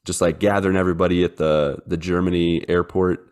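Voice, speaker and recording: A man's voice: low voice, flat delivery, brisk, darkish tone, clean tone. A man in his thirties, co-hosting a podcast in casual chat, telling a rambling story full of fillers. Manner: rambling storyteller, many fillers, acts out his dogs in silly voices. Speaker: podcast co-host.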